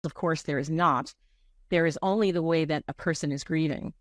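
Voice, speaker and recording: A middle-aged woman with a somewhat low voice talks candidly about her work as a grief counselor. She searches for her words and often restarts her sentences. The sound is dry and close, with no room echo. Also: steady tone, normal speed. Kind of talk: reflective interview answers.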